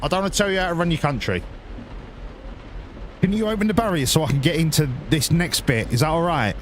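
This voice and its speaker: Man, sarcastic gaming commentary, lively up-and-down voice, somewhat high pitch, swears a lot. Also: fast talker, a little hiss or hum. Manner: sarcastic, talks to the game, swears freely. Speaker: streamer.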